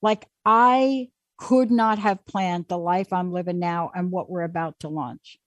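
A woman hosting a call-in talk show, talking in an animated, chatty way and taking callers. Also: fairly low pitch, a little slow, no room sound. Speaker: host.

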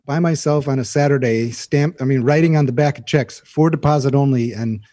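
A male guest telling stories in a casual chat, lively and acting out the voice in his head. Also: mid-range voice, fairly quick, dry recording. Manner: animated storyteller, acts out an inner voice. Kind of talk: casual storytelling.

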